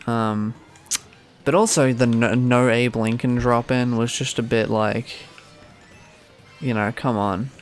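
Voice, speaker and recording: A young man with an Australian accent chats slowly over a game, wandering from thought to thought with plenty of fillers. His pitch sits in an ordinary middle range, and his tone is dry and sarcastic. Faint game music plays behind him. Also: steady tone. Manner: rambling, sarcastic, many fillers. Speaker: streamer. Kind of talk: casual gaming commentary.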